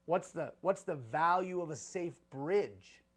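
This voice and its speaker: A man's voice: on the high side, expressive, a little slow, slightly rough. A man giving a live conference talk on leadership, preaching with repeated phrases for emphasis.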